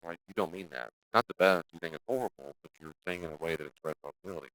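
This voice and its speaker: A man with a very low voice, recorded dry and close, teaches a church class as its pastor. He talks directly and casually, often restarting his sentences, and breaks into exaggerated voices when he acts out what people say. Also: fast, hardly any pauses, no room sound, low-quality recording. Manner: lively, acts out quoted speech in exaggerated voices; direct, conversational, with frequent restarts.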